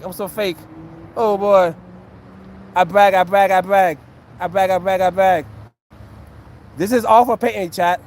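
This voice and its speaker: High-voiced man ranting sarcastically at chat. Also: a little hiss or hum. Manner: defensive, sarcastic and repetitive, addressing chat and a heckler. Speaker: livestreamer and former fighter. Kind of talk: casual livestream chat to viewers.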